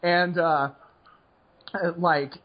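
A man's voice: on the high side, steady tone, extremely slow, muffled recording. A man hosting a poker podcast, rambling casually with lots of "like" and restarts. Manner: rambling, heavy use of "like" and restarts.

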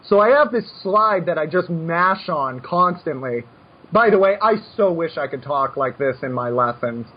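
A man coaching poker in casual chat, brash and animated, given to joking rants. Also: a little high, moderate pace, husky, muffled recording.

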